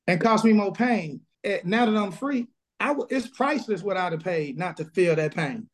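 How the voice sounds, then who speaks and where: A man's voice: sits high, lively intonation, moderate pace. A man who pastors a church, talking bluntly and emphatically in an interview over a video call, with a Southern accent. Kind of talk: casual interview, preaching energy.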